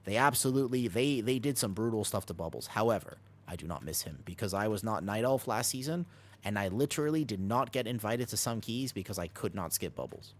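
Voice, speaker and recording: A man live-streaming a video game, talking quickly and casually over the action as he guides his team and answers chat from his home streaming room. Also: lowish voice, lively intonation. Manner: talks fast over gameplay, jumps between coaching and chatting. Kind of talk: live gameplay commentary and chat.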